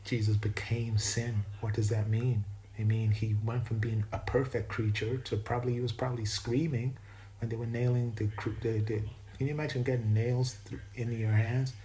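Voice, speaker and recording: With a warm, level mid-range voice at a moderate pace, a man works through a rambling, reflective spiritual monologue, frequently starting his sentences over. He says his East Coast American accent isn't perfect. Poor audio carries a little hiss or hum.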